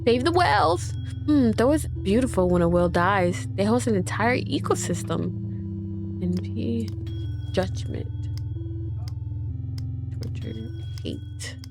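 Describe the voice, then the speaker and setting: A woman's voice: mid-range voice, animated, slow pace, pauses often, over music. A woman casually commenting while playing a video game, reading game text aloud and swearing freely. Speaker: gaming youtuber. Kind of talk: casual let's-play commentary.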